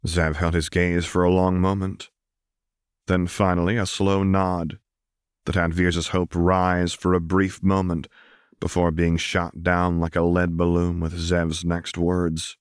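Deep, flat-voiced male narrator. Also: takes it slowly, clear, resonant tone, no room sound, clean studio sound. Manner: steady, even storytelling read. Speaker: audiobook reader. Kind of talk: scripted narration.

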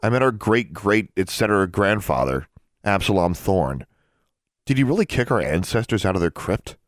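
A man's voice: low-pitched, big pitch swings, normal speed, no echo, clean studio sound. A man voicing a defiant, sullen teenage witch girl who snaps and demands answers. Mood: curious. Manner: snapping, indignant, demanding.

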